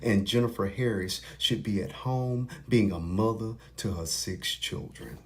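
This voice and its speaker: Male commentator, low, earnest and preachy. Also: unhurried, few pauses. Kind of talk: opinion commentary.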